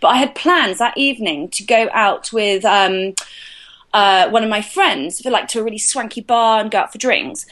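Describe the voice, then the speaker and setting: A woman's voice: mid-range voice, moderate pace, fairly bright tone. Candid woman sharing a personal story. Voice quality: chatty, hesitant, many fillers and restarts. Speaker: podcast guest.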